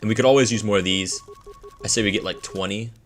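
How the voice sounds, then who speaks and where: A man's voice: fairly low pitch, fast, a little hiss or hum. A young man giving casual, rambling let's-play commentary with slang and jokes. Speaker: gameplay commentator.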